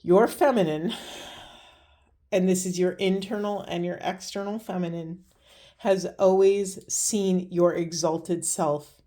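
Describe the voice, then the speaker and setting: A woman giving a spiritual card reading to her viewers, speaking slowly and earnestly with many pauses and restarts, moved close to tears. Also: on the low side, steady tone, warm tone. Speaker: tarot and oracle reader.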